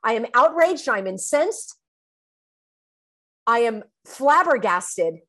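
A woman's voice: a little high, big pitch swings, takes it slowly, a bit bright. A woman hosting her own show, giving an indignant, emphatic commentary. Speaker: online show host. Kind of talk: commentary monologue.

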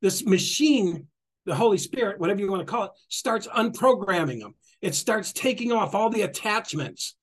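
A middle-aged man with a notably high voice gives a passionate spiritual talk. He is animated and repetitive, acts out the quotes he tells and laughs often. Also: normal speed, breathy edge. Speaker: spiritual guest speaker.

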